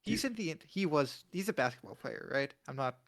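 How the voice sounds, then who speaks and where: Young Midwestern man, gravelly podcast chatter. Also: on the high side, lively intonation, fairly quick, a bit bright. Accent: Midwestern American. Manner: joking, laughs often, reads aloud from searches. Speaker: podcast co-host. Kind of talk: casual chat.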